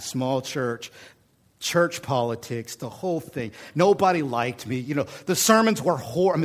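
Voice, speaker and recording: Preaching with folksy animation, humor and plenty of repetition, this middle-aged Oklahoma pastor speaks in a medium-pitched male voice and an Oklahoma accent.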